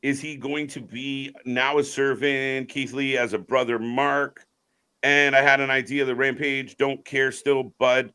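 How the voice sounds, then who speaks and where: A man co-hosting a live wrestling stream in an easygoing, casual chat. His voice is bright and forceful, and he gets excitable, swears freely and greets viewers in the chat as they arrive. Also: mid-range voice, a little slow, clear, resonant tone.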